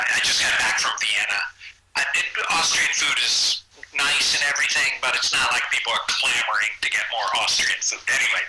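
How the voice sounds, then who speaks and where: An animated man tells a long anecdote as a podcast guest and acts out other people's voices. His voice sits in a mid pitch range. Heavy background noise covers the recording. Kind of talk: anecdotal storytelling.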